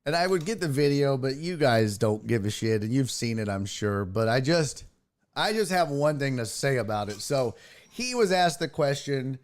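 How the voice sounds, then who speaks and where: A man's voice: mid-range voice, sing-song, moderate pace. A man hosting a sports show, ranting casually in a profane, mocking way. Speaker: sports podcast host.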